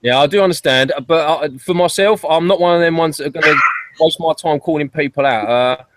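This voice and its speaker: A man's voice: fairly high pitch, fairly quick, very noisy. Rambling, reflective man hosting a chat. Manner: reflective, rambling, with hesitant restarts. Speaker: channel host. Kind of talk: casual group chat.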